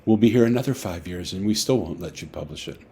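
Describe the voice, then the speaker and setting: A man, an author, telling a personal story in a lively way and acting out the dialogue, over a video call. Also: low-pitched, quick pace, slight background noise. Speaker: author guest. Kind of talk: storytelling talk.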